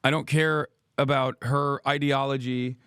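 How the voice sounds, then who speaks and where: A man's voice: mid-range voice, level tone, a little slow, a bit bright, clean tone, dry recording, clean studio sound. A man in his thirties streaming an angry, profane political rant, full of sarcastic rhetorical questions. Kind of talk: ranting livestream commentary.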